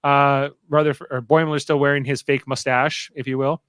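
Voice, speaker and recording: A man's voice: medium pitch, little pitch movement, normal speed, fairly bright tone, clean tone, dry recording. A man hosting a podcast, recapping a TV episode in casual chat, rambling with lots of fillers and restarts. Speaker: podcast host.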